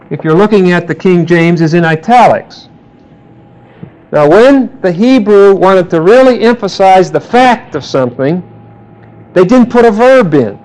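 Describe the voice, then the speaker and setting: A man teaching a Bible class, questioning his students and calling on them by name, slowing down to quote verses. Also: sits high, a little mellow, rough recording. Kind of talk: interactive Bible class lecture.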